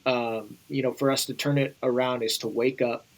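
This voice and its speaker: A man's voice: medium pitch, little pitch movement, normal speed, poor audio. Emphatic man speaking as a guest. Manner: urgent, emphatic, repeats phrases. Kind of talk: earnest interview conversation.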